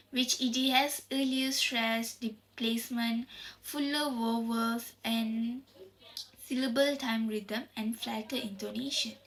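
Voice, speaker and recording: A young woman presents to her class. Her voice sits a little high, and she speaks slowly. She explains carefully and sometimes pauses to find the next word. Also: fairly bright tone, rough recording. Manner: explanatory, searching for words. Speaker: university student presenter.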